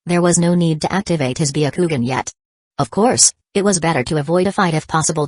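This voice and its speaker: A woman narrating an audiobook in a steady, even reading. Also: deep voice, dry recording. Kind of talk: scripted narration.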